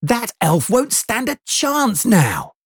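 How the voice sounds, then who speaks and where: A storyteller voicing Harmony, an eager young animal girl violinist with a high, bright voice. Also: big pitch swings, takes it slowly, slightly rough, no room sound, studio quality, heavily acted.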